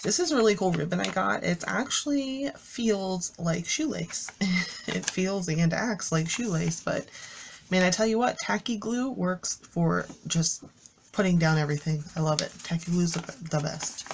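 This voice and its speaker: A woman's voice: fairly low pitch, measured pace, vocal fry, background noise. A woman casually walking viewers through a handmade craft journal, chatty and enthusiastic, rambling with fillers and self-corrections. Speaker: craft YouTuber. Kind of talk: casual show-and-tell craft walkthrough.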